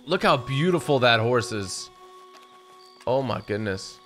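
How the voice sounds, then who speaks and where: A young man giving chatty, excitable commentary while he plays a video game, often talking to his horse. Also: medium pitch, measured pace, faint music behind. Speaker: gaming YouTuber. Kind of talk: let's play commentary.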